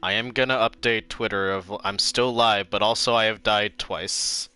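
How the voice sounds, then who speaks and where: A man's voice: on the low side, steady tone, moderate pace, sharp tone, clean tone. A man streaming a game, chatting casually and self-mockingly, swearing now and then, and reading game text aloud.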